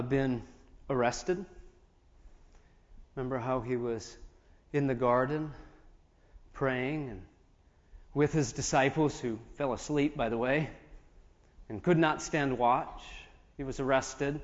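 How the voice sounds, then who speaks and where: A man's voice: medium pitch, takes it slowly, long pauses. A man preaching as pastor, reading scripture aloud and explaining it in asides between the verses. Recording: dull audio with long reverb in a large hall.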